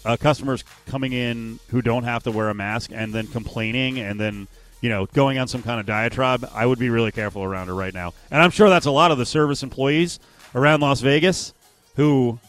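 A man co-hosting a sports radio show, chatting casually with animated asides. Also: mid-range voice, fairly quick, faint music behind.

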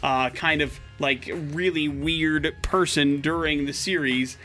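A man co-hosting a morning radio show, chatting casually and excitably with plenty of fillers. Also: fairly high pitch, slow pace, faint music behind.

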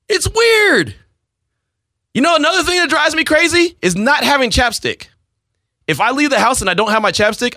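Male radio host, rambling story, bright tone, lively delivery. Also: medium pitch, no echo, studio quality. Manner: animated storytelling, rambling, laughs at himself. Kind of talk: casual on-air banter.

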